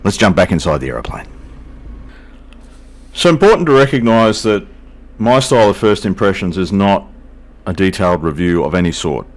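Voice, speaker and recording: A man's voice: sits low, lively intonation, normal speed, long pauses. An older man, chatting casually as he hosts a flight simulator video, folksy and self-deprecating. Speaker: flight sim video host. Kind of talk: casual commentary.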